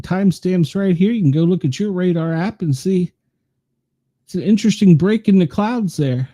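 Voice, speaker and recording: A man hosting his show goes through live weather radar in a rambling, self-mocking chat, thinking aloud as he clicks, in a Tennessee Southern accent. His voice is a little high with a dark tone, in a dry, studio-quality recording.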